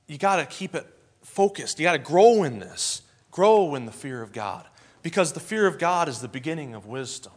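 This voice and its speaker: A man's voice: fairly high pitch, a bit bright. A man preaching a sermon in a folksy storytelling way, acting out the scenes he describes.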